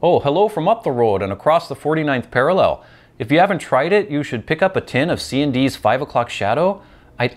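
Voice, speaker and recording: A man's voice: on the high side, voice pushed up. A man voicing a chatty Canadian man with a playful put-on Canadian accent, reading out a fan letter. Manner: bright, exaggerated cheerful put-on accent.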